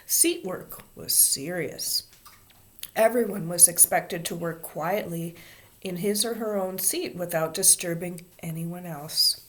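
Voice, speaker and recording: Expressive woman reading a storybook. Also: fairly low pitch. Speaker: reader. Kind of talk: reading a children's book aloud.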